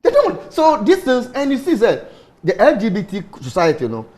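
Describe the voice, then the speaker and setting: A man with a Ghanaian English accent in a morning show panel discussion, talking in an animated way and mixing English with Twi phrases. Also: sits high, fairly quick, reverberant. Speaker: studio guest.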